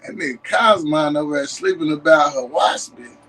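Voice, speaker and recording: A man with a Tennessee accent showing off maps and artifacts in a casual vlog, animated and emphatic, breaking into shouts. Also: fairly high pitch, moderate pace, low-quality recording. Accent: Southern US, Tennessee. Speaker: history vlogger. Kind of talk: excited casual show-and-tell.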